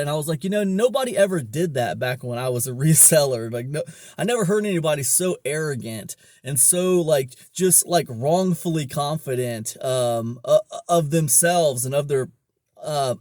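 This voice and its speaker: A man's voice: fairly high pitch, a little mellow, no room sound. Rambling man, dry close sound. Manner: rambling, many fillers and restarts. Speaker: online business vlogger. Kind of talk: casual storytelling monologue.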